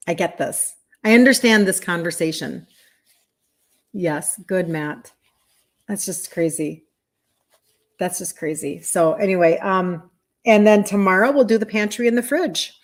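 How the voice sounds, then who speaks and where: A woman in her fifties with an American accent, talking casually to viewers on a live stream. She rambles in a chatty way and breaks into quick laughs, at an ordinary middle pitch for a woman. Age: 50s. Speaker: health coach hosting a live stream.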